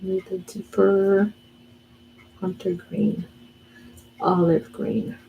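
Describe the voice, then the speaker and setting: A woman's voice: mid-range voice, fairly even intonation, extremely slow, creaky, narrow, tinny audio, a little hiss or hum. A woman in her thirties chatting casually while she draws and paints, musing aloud and talking herself through each step. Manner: chatty, talks to herself as she works, laughs often. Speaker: art vlogger.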